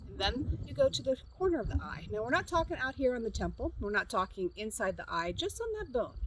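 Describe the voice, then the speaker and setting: A woman's voice: a little high, big pitch swings, quick pace, noisy background. A middle-aged woman, a counselor, casually demonstrating a tapping technique outdoors, chatty and repeating short cue phrases, with an easy laugh. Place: outdoors at a farm.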